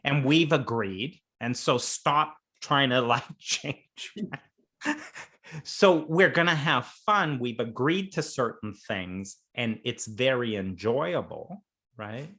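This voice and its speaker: A man's voice: medium pitch, bright, forceful tone. A man, a coach and interview guest, talking through ideas in a playful, conversational way and laughing often. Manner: playful, laughs often, acts out little scenes.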